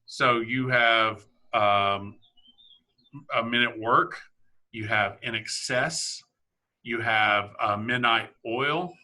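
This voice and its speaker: A man hosting a casual interview over a video call, chatty and quick to laugh. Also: mid-range voice, pushed and bright. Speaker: podcast host.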